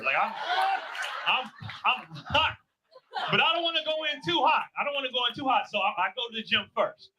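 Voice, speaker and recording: A man's voice: very high-pitched, sing-song, brisk. A man hosting a live show, telling a profane comic story and acting out both sides of an argument. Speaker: show host. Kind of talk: comedic storytelling. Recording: noisy live stream.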